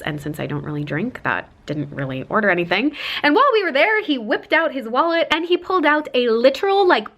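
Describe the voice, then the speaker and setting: A woman's voice: fairly low pitch, a bit bright. A young woman in her twenties telling a chatty storytime, full of likes and quoting people in put-on voices. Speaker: lifestyle vlogger. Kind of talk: casual storytime.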